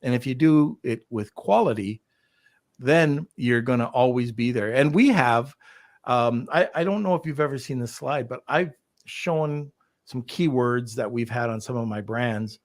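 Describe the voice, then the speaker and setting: A man's voice: mid-range voice, measured pace, dry recording, studio quality. A man hosting a podcast, chatting casually and upbeat with lots of fillers over a remote call. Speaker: podcast host.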